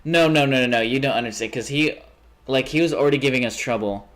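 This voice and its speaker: A young man livestreaming while gaming, chatting in a rambling way, swearing often and getting heated quickly. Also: mid-range voice, a bit bright.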